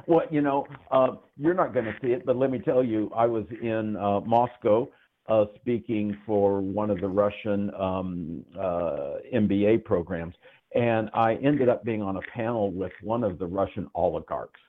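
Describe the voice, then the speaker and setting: A man's voice: on the low side, measured pace. An older man, a guest economist, talking casually in an interview with many fillers over a remote call. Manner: relaxed, rambling with many fillers. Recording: tinny phone-like line.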